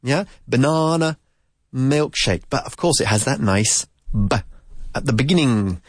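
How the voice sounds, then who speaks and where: A man teaching vocabulary to Spanish speakers in a relaxed, chatty way, repeating words slowly to drill their pronunciation. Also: mid-range voice, husky, no echo, studio quality. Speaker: English teacher. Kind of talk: casual language lesson.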